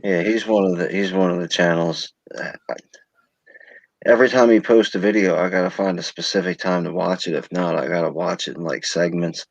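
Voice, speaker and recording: A man co-hosting a casual wrestling talk show in a laid-back, drawn-out way. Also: low voice, fairly even intonation, gravelly, no echo. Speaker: podcast co-host.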